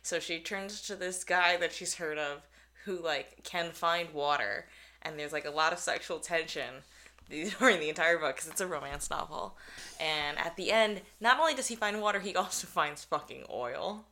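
A woman's voice: deep voice, normal speed, pushed and bright. A woman co-hosting a podcast in casual chat, talkative, laughing often and swearing freely. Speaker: podcast co-host. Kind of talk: casual chat recapping a show.

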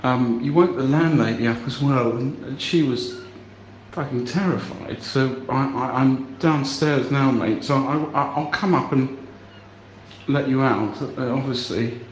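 A man leaving a halting, stammering voicemail for a friend in a comic sketch. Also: mid-range voice, slight background noise. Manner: halting, stammering, grows exasperated and shouting. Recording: roomy, dull recording with faint ambience.

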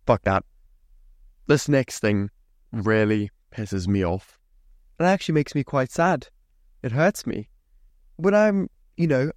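A man's voice: medium pitch, darkish tone, no echo, studio quality. Sweary young man ranting on a podcast. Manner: ranting, sweary, mock-indignant. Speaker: podcast host. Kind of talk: solo podcast rant.

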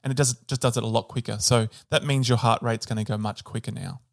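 Male podcast co-host with a mid-range voice, relaxed explainer, casual teaching chat. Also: mid-range voice, quick pace, vocal fry. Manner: relaxed explainer, hedges on details. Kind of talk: educational physiology podcast chat.

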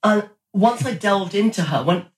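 A young woman, an actress, chatting in an interview in an animated way, with quick restarts and acted-out quotes. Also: mid-range voice. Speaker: actress guest. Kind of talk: casual interview chat. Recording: echoey room.

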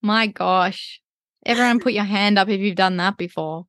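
A woman co-hosting a casual wellness podcast, chatty and quick to agree, often saying "like". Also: mid-range voice, fairly bright tone, no echo, clean studio sound. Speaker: podcast co-host.

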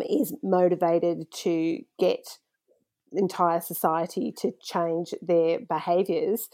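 A woman interviewer asking a pointed question in a calm, attentive way. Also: lowish voice. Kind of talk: conversational interview.

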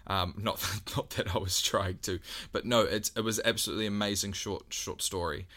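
A man with a bright, slightly low voice co-hosts a casual podcast. He talks haltingly, full of ums and false starts. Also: steady tone. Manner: hesitant, halting, many ums. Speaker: podcast co-host.

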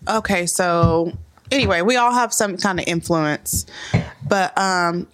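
A woman hosting a casual chat, telling stories in a playful, animated way. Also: lowish voice, unhurried, smooth. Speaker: host.

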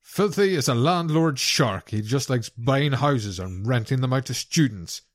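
A man co-hosting a casual gaming podcast with a teasing, playful manner. His pitch swings widely as he jokes. The recording is dry and close. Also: lively intonation, measured pace, no room sound. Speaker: podcast co-host. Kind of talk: casual banter.

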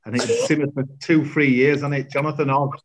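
A man chatting excitedly about football, full of banter. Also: a little high, fairly quick, background noise. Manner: excitable, banter-filled, says mate a lot. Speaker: podcast contributor. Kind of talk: casual football chat.

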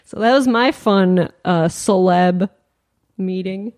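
A woman's voice: medium pitch, slow pace, a little mellow. A woman co-hosting a podcast, telling a rambling story in a casual chat and filling her speech with "like". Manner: rambling anecdotes full of "like", laughs often. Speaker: podcast co-host.

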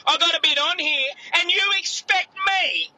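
A man's voice: very high voice, moderate pace, bright, forceful tone, poor audio. A man ranting crudely in a voice message, swearing constantly about a gripe. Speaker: caller with a gripe.

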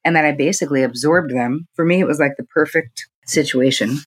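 An older woman with a husky, slightly breathy voice talks candidly, like a therapist sharing stories from her own family. She speaks in quick, animated bursts. The sound is dry and close, with no room around it. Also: deep voice, dry recording. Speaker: psychotherapist, podcast guest. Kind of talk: conversational interview storytelling.

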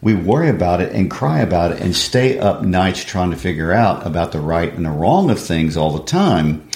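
A man's voice: deep voice, very animated, normal speed, darkish tone. A man reading aloud the lines of a bitter, cynical adult man from a play. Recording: echoey room.

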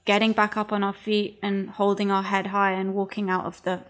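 A woman's voice: medium pitch, completely flat delivery, a little fast, a bit bright. A woman talking candidly in a casual chat, emotional and rambling, swearing freely as she opens up.

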